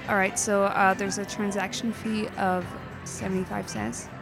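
A woman's voice: medium pitch, flat delivery, moderate pace, gravelly, over music. A woman performing improv comedy scenes, playful and talkative with nervous fillers. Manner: playful, switching between characters, nervous fillers.

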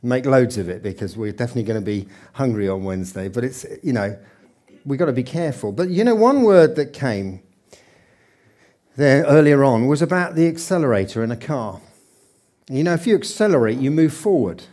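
A man's voice: mid-range voice, animated, a little fast, dark tone. A man preaching a sermon in church, chatting with the congregation and putting questions to them. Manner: conversational, asks the congregation questions. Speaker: pastor. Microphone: handheld microphone.

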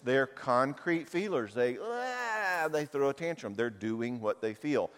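A middle-aged man preaching a sermon, animated and jokey, acting out little voices. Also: mid-range voice, measured pace, hardly any pauses. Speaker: pastor. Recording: long hall reverb.

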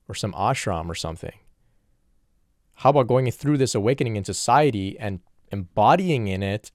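A man's voice: lowish voice, darkish tone, no room sound, clean studio sound. A man in an earnest, reflective solo question-and-answer talk, working through spiritual questions from viewers.

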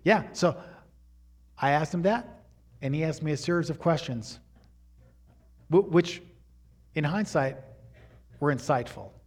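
Older guy preaching, slightly high voice, tells stories and gets loud and excited at times. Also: a little slow, long pauses. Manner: animated storyteller, rising to loud bursts. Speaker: pastor. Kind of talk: sermon storytelling.

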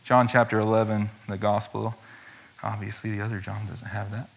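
A man's voice: on the low side, level tone, normal speed, vocal fry, breathy edge. A man preaching an earnest, conversational sermon and reading scripture aloud, with frequent fillers and restarts.

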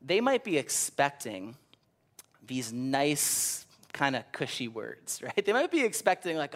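Young male pastor, lively conversational sermon. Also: fairly high pitch, moderate pace. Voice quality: stammers and repeats words. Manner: animated, conversational preaching with frequent "right?" asides.

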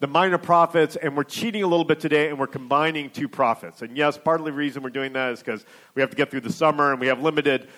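A man's voice: on the high side, fast, few pauses, a bit bright. A man preaching a sermon as a pastor, conversational and hesitant, with lots of fillers and frequent "right?" checks.

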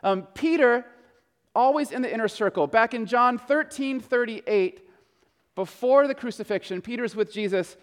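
A male pastor preaching a sermon, telling the story in a conversational way that swings between hushed and emphatic. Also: extremely high pitch, moderate pace, clear, resonant tone, in a large hall.

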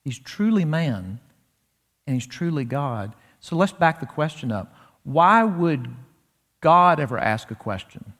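Animated male preacher in a reverberant church. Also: on the high side. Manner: animated expository preaching, slows down for emphasis. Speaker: pastor. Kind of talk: sermon. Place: church sanctuary. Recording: long reverb of a church hall.

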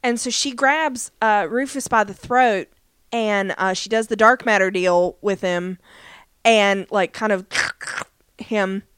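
A woman's voice: mid-range voice, slow, a bit bright, clean tone, no room sound. A woman co-hosting a podcast, chatting casually as she recaps a TV episode with lots of fillers. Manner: chatty, many fillers, acts out quotes. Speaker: podcast co-host.

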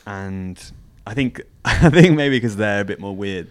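A man's voice: fairly low pitch, animated, a little slow, clean tone. A young British man, an indie game developer guest, chatting casually with hesitant fillers and self-deprecating jokes. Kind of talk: casual interview chat.

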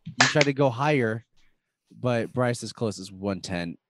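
A man's voice: medium pitch, lively intonation, measured pace, heavy background noise. A man casually running a guessing game with friends, teasing and playful. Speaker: quiz host. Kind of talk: casual group chat.

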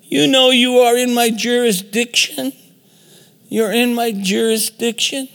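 A man's voice: very high-pitched, steady tone, a little slow, vocal fry, fairly bright tone, smooth, exaggerated voice. Man putting on a hollering 40-year-old drinking neighbor. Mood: teasing. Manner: hollered, affectionate street talk. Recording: long reverb of a large hall.

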